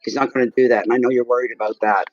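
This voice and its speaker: A man's voice: mid-range voice, fairly even intonation, very fast, no room sound, lo-fi sound. A man giving a live tarot reading, earnest and reassuring, speaking straight to his client and getting teary. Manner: emotional, tearing up. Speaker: tarot card reader.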